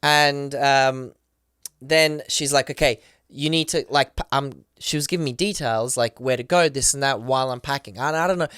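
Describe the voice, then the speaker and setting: A man, a podcast guest, telling a story with excitement, acting out the people he quotes, with many fillers. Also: mid-range voice, normal speed, clear, resonant tone, dry recording, studio quality. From Australia. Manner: acts out the voices of people he quotes. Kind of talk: animated storytelling.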